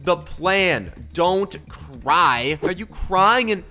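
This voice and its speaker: A man narrating a game roleplay as a principal, animated and playful, laughing often. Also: high-pitched, extremely slow.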